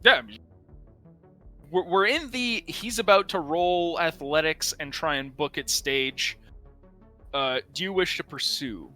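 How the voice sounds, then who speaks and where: A man's voice: a little high, a little slow, pushed and bright, soft background music. A man running a tabletop game as game master, narrating casually with frequent swearing and hesitations.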